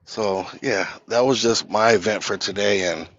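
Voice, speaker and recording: A man's voice: on the low side, normal speed, fairly bright tone, dry recording. Brash man on dull, dry audio. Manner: brash and joking. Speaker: guest caller. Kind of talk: casual live-stream chat.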